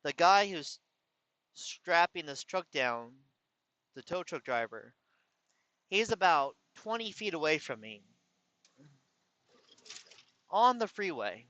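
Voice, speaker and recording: A man's voice: on the high side, very animated, takes it slowly, long pauses, bright, forceful tone, dry recording. A man telling a rambling story in a casual venting way, with a slight lisp and some slurred words, often correcting himself. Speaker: vlogger. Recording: dull lo-fi sound.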